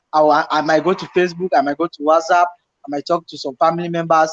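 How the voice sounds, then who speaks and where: In relaxed chat, a YouTuber co-host with a fairly high voice and quick pace tells a story, acting out his own past panic and repeating himself in excited bursts. The recording is slightly dull and lo-fi.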